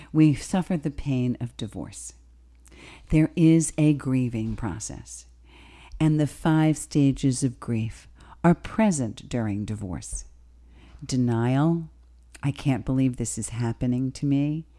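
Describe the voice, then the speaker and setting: Woman radio advice host, deep dark tone, measured unhurried delivery. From Bronx, New York. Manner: slow, deliberate, advising. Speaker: radio talk show host. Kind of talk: talk radio advice monologue.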